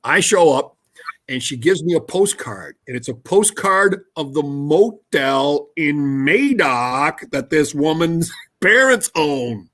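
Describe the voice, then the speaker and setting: A man's voice: a little high, takes it slowly. Man telling a late-night radio story. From Canada. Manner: animated anecdote telling with laughs. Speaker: radio host. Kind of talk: conversational storytelling.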